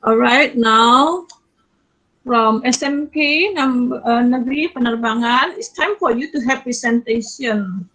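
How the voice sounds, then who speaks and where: A woman's voice: on the high side, measured pace, sharp tone, poor audio. A woman with an Indonesian accent, a teacher moderating an online student competition in English.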